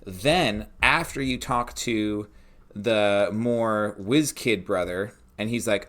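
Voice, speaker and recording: A man's voice: on the low side, slow pace, a bit bright. A young man co-hosting a tabletop game podcast in casual chat. He rambles, full of fillers, talking his ideas out as they come. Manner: rambling, filler-heavy, talks it out. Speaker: podcast co-host, game master.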